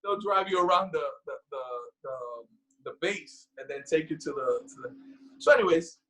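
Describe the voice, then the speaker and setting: A man from the Bronx with a New York accent, telling stories in a casual interview and acting out the people in them with loud, high voices. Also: animated, moderate pace, poor audio. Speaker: guest. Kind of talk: casual storytelling in a podcast interview.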